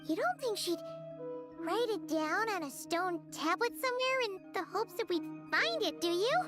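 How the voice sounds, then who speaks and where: A tiny, chirpy childlike female sidekick from a video game, piping up with eager questions in a very high voice. Game music plays clearly behind her. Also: sing-song, moderate pace. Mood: curious.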